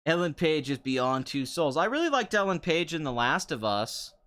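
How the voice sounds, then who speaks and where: A man's voice: on the high side, big pitch swings, normal speed, a bit bright. Sarcastic, rambling young man. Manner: sarcastic, rambling, laughs often. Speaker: podcast host. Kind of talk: casual chat answering viewer comments.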